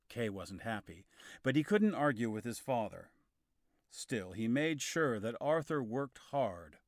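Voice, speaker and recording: A male storyteller narrates a storybook at a slow, unhurried pace. His reading is clear and expressive, and his pitch moves freely. The sound is close and dry. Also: dry recording.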